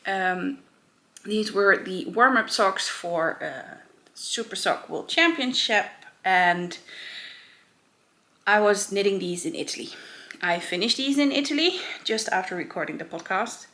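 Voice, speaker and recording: A woman's voice: medium pitch, lively intonation, unhurried, pushed and bright. A woman hosting her own knitting podcast in a casual show-and-tell chat, rambling along with many filler ums and self-corrections.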